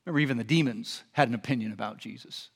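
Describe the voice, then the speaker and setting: A man's voice: medium pitch, racing, creaky, breathy edge. A man, a pastor, preaching a sermon in a conversational, emphatic way with rhetorical questions.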